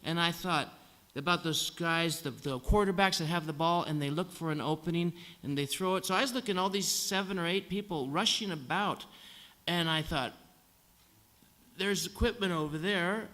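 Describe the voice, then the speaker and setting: In a dry, humorous bit of storytelling at a live concert, a singer on the concert hall stage mimics the nurses and doctors. He talks at normal speed in a voice that's a little high, pushed and bright.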